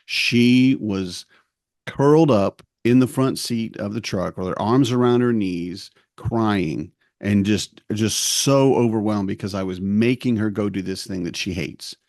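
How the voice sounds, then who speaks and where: A man's voice: lowish voice, unhurried, a little mellow, no room sound, studio quality. A middle-aged man co-hosting a podcast, rambling through a family story and acting out the lines of the people in it. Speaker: podcast co-host. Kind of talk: casual chat.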